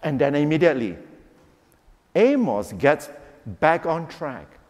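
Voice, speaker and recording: A man's voice: on the high side, very animated, takes it slowly, a little mellow, long reverb tail. A man preaching a sermon, acting out the quotes he reads. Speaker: pastor.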